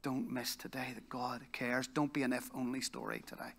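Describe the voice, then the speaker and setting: A man with a Northern Irish accent preaching a sermon at a church service, telling a story with lively energy and then falling to a soft, slow hush. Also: mid-range voice. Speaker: pastor. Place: church service in a leisure complex hall.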